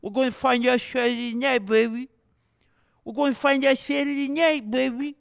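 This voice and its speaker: Guy putting on a fighter hype voice, way higher than his own, loud and stretched out like a promo drop. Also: fairly even intonation, creaky, smooth, no echo, studio quality. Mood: hyped. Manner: loud, drawn-out hype call. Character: impression of a male fighter hyping a bout.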